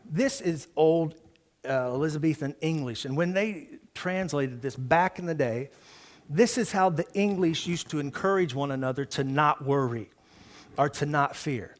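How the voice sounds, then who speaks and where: A man's voice: a little high, moderate pace. A man preaching a sermon as pastor in a church service, talking to the congregation in a conversational way and asking them questions.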